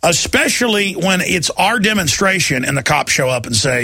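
A talk-show man rants in an indignant monologue, his raised voice gravelly and husky. The tone is bright and forceful, and the studio sound is dry and close. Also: high-pitched, very animated, moderate pace, hardly any pauses, no echo. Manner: indignant, ranting.

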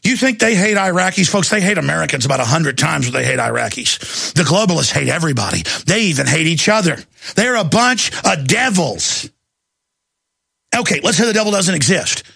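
A man hosting a talk show, delivering a heated, ranting monologue with bursts of shouting. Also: high voice, animated, moderate pace, vocal fry, breathy edge, dry recording.

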